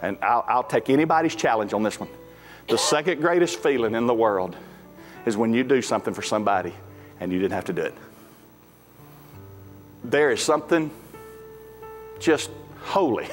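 A man, preaching a sermon as pastor in a folksy, emphatic way. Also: medium pitch. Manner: folksy, emphatic, rising to shouts at climaxes. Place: church sanctuary. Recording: echoey hall with faint music.

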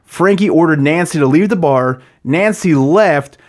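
A man's voice: a little high, unhurried, darkish tone. A man co-hosting a podcast, reading case notes and joking around in casual chat. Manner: joking, irreverent, laughs often. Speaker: podcast co-host.

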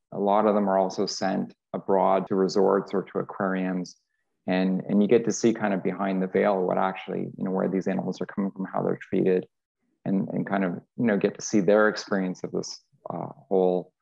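A man who teaches geography, talking in a halting way with many fillers and repeated words on a panel. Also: deep voice, gravelly, darkish tone, lo-fi sound.

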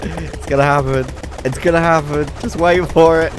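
Giggly excitable gaming commentator man. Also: on the high side, fast, a little hiss or hum. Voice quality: giggly, frequent laughter and exclamations. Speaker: gaming YouTuber.

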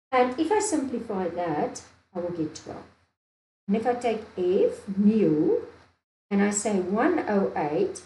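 A Namibian woman teaches a maths lesson, thinking aloud, going over steps again and again, and often asking "do you see?". Her voice is medium-pitched and dark-toned, with a slight hiss or hum. The room is echoey, with faint ambient sound.

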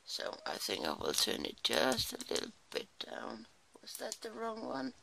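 Woman, crafting vlogger, bright gravelly voice, sleepy rambling chat, small home craft room. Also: very deep voice, huge pitch swings, measured pace, slight background noise. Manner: chatty, rambling, apologetic asides. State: sleepy, early morning. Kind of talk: casual chat while crafting.

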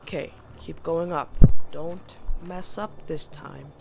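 A woman's voice: sits low, steady tone, slow pace, creaky, heavy background noise. A young woman giving let's-play commentary to her viewers, exasperated and self-mocking, on a home mic that cuts out. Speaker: gaming channel host. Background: game music.

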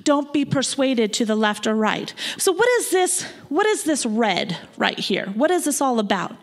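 A woman preaching a sermon in a church, moving between loud proclamation and hushed asides. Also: fairly high pitch, big pitch swings, moderate pace. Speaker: guest preacher. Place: church sanctuary.

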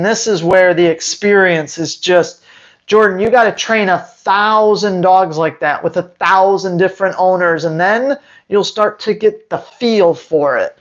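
A dog trainer answers viewer questions on a live stream, bluntly and emphatically, repeating his points to drive them home. His voice sits high, and the recording is muffled.

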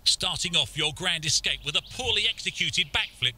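A man's voice: high-pitched, expressive, normal speed, pushed and bright, husky, soft background music. A man with a British accent, reading scripted narration for a game in a dry storybook delivery.

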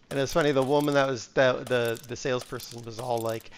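During a live gaming stream, this man chats casually with his audience, rambles on and mutters part numbers to himself. He speaks at a quick pace with few pauses and a medium pitch. There's a little hiss or hum in the audio.

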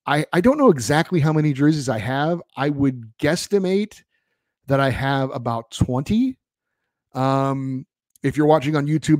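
A middle-pitched man hosting a hockey fan podcast, talking in a loose, rambling way full of ums and restarts. He is close on the mic in a dry room. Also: darkish tone, dry recording. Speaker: podcast host. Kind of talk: reading listener emails and chatting.

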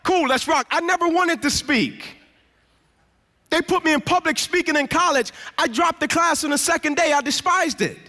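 A man's voice: very high-pitched, moderate pace, bright, forceful tone. A man in his thirties giving an emphatic motivational sermon as a guest speaker in a church, telling a personal story and acting out the dialogue.

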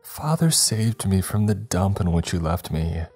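A man voicing an unhinged adult son who talks with calm menace and a whimpering servility, over faint music. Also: low-pitched, unhurried, creaky, slightly rough, pitched above the performer's own voice, full character voice. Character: unhinged adult son, male, psychopathic, servile to his father.

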